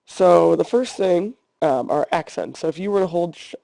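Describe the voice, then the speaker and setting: A man with a fairly high voice that still sounds dark and mellow walks students through a screencast tutorial. He explains each step calmly and patiently. The sound is dry and close, with no room tone. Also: moderate pace, vocal fry, no room sound. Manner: calm step-by-step instruction. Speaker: Spanish teacher.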